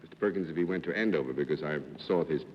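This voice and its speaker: A man's voice: rumbling low, quick pace. A man hosting a live television panel show, courteous and formal, keeping score and calling on panelists. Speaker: game show host. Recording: lo-fi 1950s broadcast with hall reverb and faint hiss.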